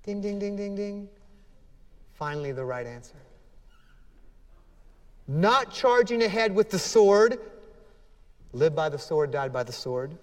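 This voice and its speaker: A man's voice: high-pitched, big pitch swings, unhurried, pauses often, long reverb tail. A man preaching a sermon as pastor, earnest and emphatic, acting out scripture dialogue with feeling.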